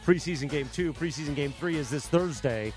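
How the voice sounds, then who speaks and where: A man's voice: on the high side, brisk, a little mellow, soft background music. A man co-hosting a morning sports talk radio show, teasing his partner in playful banter.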